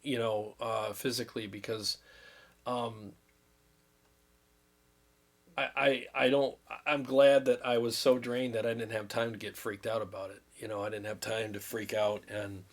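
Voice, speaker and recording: Man, 50s, livestream host; earnest, rambling, a little emotional. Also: fairly low pitch. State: recovering from illness, drained. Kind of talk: casual livestream chat.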